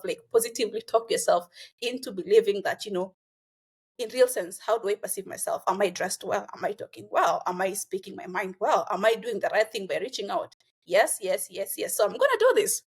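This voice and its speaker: A young woman from Kenya, talking earnestly as a guest in a casual conversation and filling pauses with "you know" and "like.". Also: medium pitch, breathy edge. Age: young adult.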